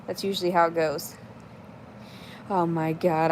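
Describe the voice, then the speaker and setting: A woman's voice: fairly low pitch, steady tone, measured pace, long pauses, darkish tone, a little hiss or hum. A woman in her thirties livestreaming in casual chat, reading out comments and answering them in a blunt, profane, rambling way.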